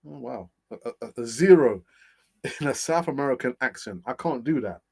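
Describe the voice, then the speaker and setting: A man's voice: mid-range voice, lively intonation, moderate pace, creaky, darkish tone, slightly rough. A middle-aged man hosting a casual live stream, chatting and reading out comments, laughing often and thinking aloud with fillers. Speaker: host of a fan channel live stream.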